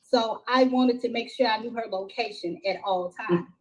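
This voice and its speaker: A middle-aged woman from Texas, a mother telling her story in a live-stream interview, halting and repeating herself with many fillers. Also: a little high, rough recording. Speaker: grieving mother, interview guest. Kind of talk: emotional first-person account in a live-stream interview.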